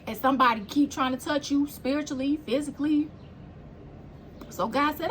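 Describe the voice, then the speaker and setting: A woman with a high-pitched voice gives a casual spiritual tarot reading. She is blunt and preachy and swears freely. A faint hiss sits under the recording. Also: moderate pace, pauses often. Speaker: tarot reader.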